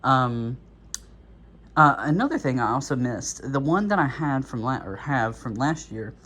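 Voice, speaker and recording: A man's voice: mid-range voice, expressive, a little slow, bright, forceful tone, husky. A man casually talking through an unboxing at home, a bit out of breath, rambling with lots of fillers and little chuckles. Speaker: vlogger.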